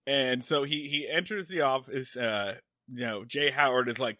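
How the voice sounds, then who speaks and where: A man's voice: mid-range voice, moderate pace, bright, forceful tone, dry recording. A man co-hosting a casual podcast, walking through a TV plot step by step and acting out the characters' lines. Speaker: podcast co-host.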